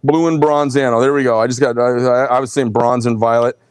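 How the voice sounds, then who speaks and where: A middle-aged man hosts a casual knife sales show in a mid-range voice. He tells long, animated, rambling stories. The sound is dry and close. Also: mid-range voice, brisk, clear, resonant tone, dry recording. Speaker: host presenting knives.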